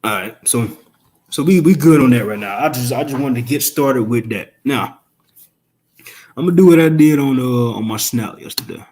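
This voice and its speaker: A man ranting on a casual live stream, profane and emphatic, firing off rhetorical questions in quick rambling bursts. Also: mid-range voice, darkish tone. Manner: fast rambling outbursts.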